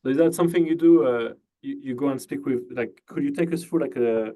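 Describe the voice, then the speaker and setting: Warm-toned and mid-range, a male host speaks a little fast in a casual video-call interview. His easygoing style relies on fillers such as "you know" and "uh," along with leading questions.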